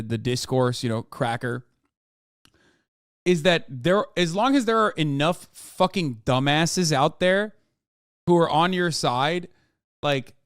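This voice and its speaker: Profane, animated male streamer, smooth voice. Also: a little high, no echo, clean studio sound. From United States. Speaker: streamer and political commentator. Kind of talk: reacting to clips on a stream.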